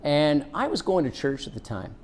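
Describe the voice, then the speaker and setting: A man's voice: a little high, sing-song, a little mellow. Earnest middle-aged man telling a story. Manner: earnest, unhurried, draws out a lesson. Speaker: former police officer telling a personal story. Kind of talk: reflective personal storytelling.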